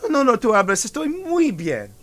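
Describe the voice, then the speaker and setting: A man voicing a skittish male automaton waiter with a jittery, excitable voice. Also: extremely high pitch, brisk, voice pushed up. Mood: delighted.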